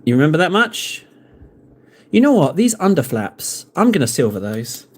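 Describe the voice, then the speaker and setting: Brief: slightly high-voiced male streamer, chatty, rambling, jokey, talking to viewers as he paints. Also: big pitch swings, normal speed, slight background noise. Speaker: miniature-painting live streamer. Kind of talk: casual live-stream chat while painting.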